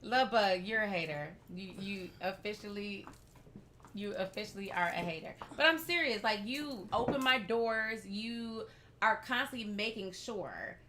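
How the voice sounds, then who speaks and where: A woman's voice: medium pitch, fairly bright tone, a little hiss or hum. A woman hosting as a love coach, talking emphatically and with sass to her listeners. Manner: emphatic, sassy, addresses listeners directly. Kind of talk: casual chat.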